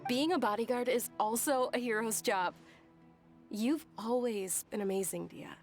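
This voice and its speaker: A woman voicing an earnest, gentle young woman in a video game, soft-spoken and sincere. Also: fairly high pitch, moderate pace, soft background music, natural voice.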